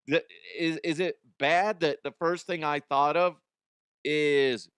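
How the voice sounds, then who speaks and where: A man hosting a comedy news show, ranting crudely and mocking the stories, with quick jumps into silly voices. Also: a little high, a bit bright, clear, resonant tone, no echo, clean studio sound. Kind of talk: profane comedic news commentary.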